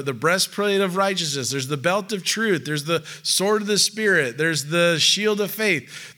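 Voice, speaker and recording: Male preacher, loose conversational sermon, light humor, high ringing tone. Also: sharp tone. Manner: casual, joking asides, frequent "like" and "okay?"; reads scripture aloud within the talk.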